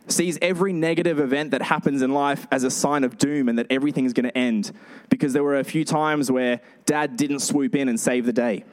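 A male pastor giving a sermon, telling lively stories with animated delivery. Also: on the high side. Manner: storytelling, animated.

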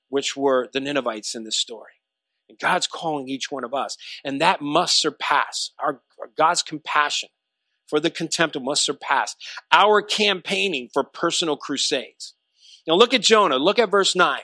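A man's voice: fairly high pitch, normal speed, pushed and bright, no room sound. A male pastor preaching a sermon emphatically, his intensity building as he goes.

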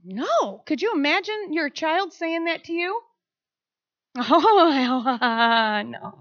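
A woman's voice: sits high, sing-song, takes it slowly, a bit bright. A middle-aged woman pastor preaching a conversational sermon, slipping into little quoted voices. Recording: dull lo-fi sound.

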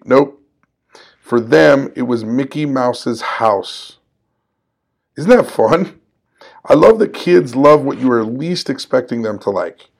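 A man in his forties with a middle-pitched, gravelly voice hosts a solo podcast. He talks in a conversational, upbeat way, encouraging his listeners and laughing at himself now and then. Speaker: podcast host.

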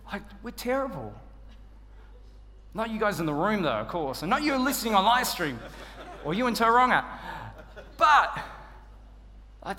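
A man with an Australian accent preaching a sermon in church, telling stories with humor and poking fun at himself. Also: high-pitched. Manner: humorous, self-deprecating, animated storytelling. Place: church hall. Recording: church hall reverb.

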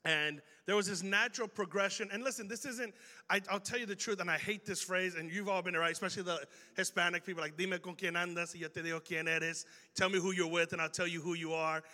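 Speaking high and fast, a young preacher from Chicago addresses a youth audience in a lively, informal sermon, performing the quoted conversations himself. His Chicago accent rings through a long hall reverb.

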